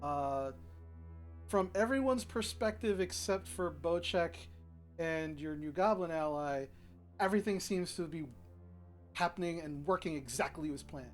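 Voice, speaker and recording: A man narrating a tabletop game as game master, describing the scene with hesitant pauses. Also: fairly high pitch, soft background music. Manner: hesitant, lots of ums and restarts while describing the scene.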